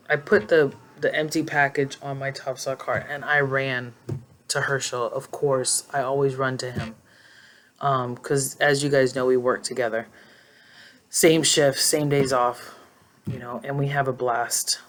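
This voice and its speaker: A vlogger speaks in a middle-pitched voice, telling a personal story with lively emphasis. Words repeat when a point needs stress. The sound comes from a phone held in the hand. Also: unhurried. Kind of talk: casual storytelling vlog. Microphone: handheld phone.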